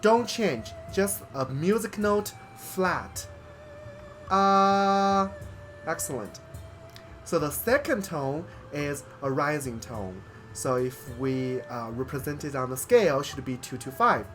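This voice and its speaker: A man hosting a lesson on speech sounds, slowly demonstrating tones on drawn-out vowels. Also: medium pitch, lively intonation, faint music behind. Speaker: host and language teacher. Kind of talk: pronunciation lesson.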